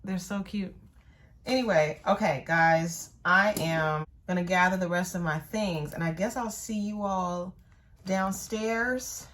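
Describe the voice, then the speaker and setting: A middle-aged woman vlogging casually, playful and animated, chatting to her pet and her viewers. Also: lowish voice, slow pace. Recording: faint background noise.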